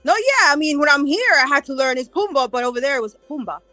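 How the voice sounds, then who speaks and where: Woman, high lively voice. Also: quick pace, no echo, soft background music. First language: Spanish. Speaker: podcast co-host. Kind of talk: casual chat.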